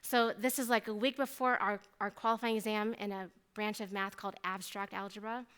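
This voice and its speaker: A mathematician in her thirties gives a faith testimony talk, telling her story in an animated, chatty way full of asides. Her voice is medium-pitched and clean, and she speaks a little fast.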